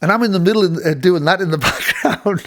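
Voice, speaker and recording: A middle-aged male host tells a rambling studio story, full of restarts and playful voice impressions delivered with laughter. His voice sits high, fairly bright, and he talks fast in this casual storytelling.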